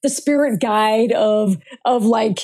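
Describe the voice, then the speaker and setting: A woman guest on a marketing podcast, talking in an animated, playful way and laughing often. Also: a little high, slow pace. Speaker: guest, marketing speaker and author. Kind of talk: casual podcast interview.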